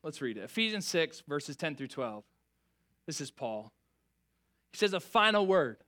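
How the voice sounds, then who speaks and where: A young adult man preaching a sermon, telling a self-mocking story with lively, animated delivery before reading scripture. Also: a little high, a little slow. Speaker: pastor.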